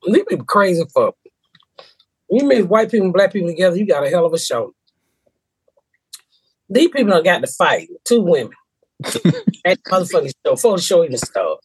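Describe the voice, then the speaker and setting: A middle-aged woman, brash and profane, swinging her pitch all over as she tells stories. Her voice is a little husky and raised in pitch. The sound is close and dry. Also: no room sound, poor audio. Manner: brash, profane storytelling with big laughs. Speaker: podcast host. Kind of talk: casual comedic chat.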